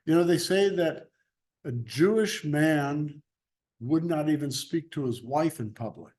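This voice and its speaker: Slow-talking man teaching Bible class. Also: on the high side, expressive, a little mellow. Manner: chatty, laughs easily, loose restarts. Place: church classroom.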